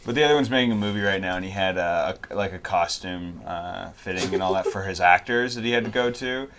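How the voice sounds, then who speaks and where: A man's voice: deep voice, fast, background noise. A young man chatting casually as a guest, telling a story with lots of fillers. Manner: relaxed, filler-heavy storytelling. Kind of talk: casual chat.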